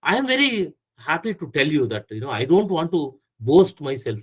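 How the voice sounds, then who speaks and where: A middle-aged lecturer speaks earnestly on management lessons drawn from scripture. He often repeats phrases for emphasis, and his fairly high voice swings through a very wide pitch range. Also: sing-song, husky, poor audio. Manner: rapid recitation of verse. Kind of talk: spiritual management talk.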